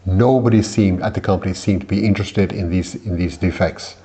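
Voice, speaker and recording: A man's voice: sits low, a little fast, warm tone. A middle-aged man from the United States, irritated and rambling as he complains in a vlog, with many restarts. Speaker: vlogger.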